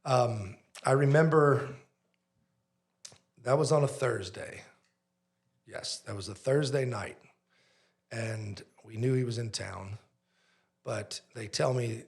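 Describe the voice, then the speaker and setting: A man who owns a pizzeria, a guest on a podcast, telling a story in an animated way and acting out the dialogue. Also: fairly low pitch, gravelly.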